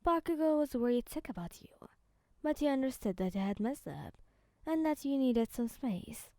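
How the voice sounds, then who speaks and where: A woman narrating a second-person fan story in a soft, calm, even reading voice. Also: high-pitched, normal speed, dry recording, studio quality.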